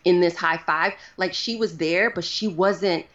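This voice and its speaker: A woman speaking as a guest in a casual interview, animated and full of "like" fillers. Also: lowish voice, a little slow, dull audio, a crowd in the background. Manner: animated, uses many fillers like "like".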